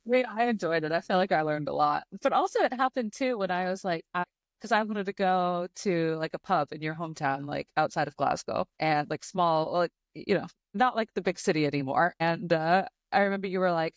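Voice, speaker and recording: A young woman hosts a podcast, chatting casually and telling stories with animation, acting out the quotes. Her voice sits on the low side and moves fairly quickly, with no echo.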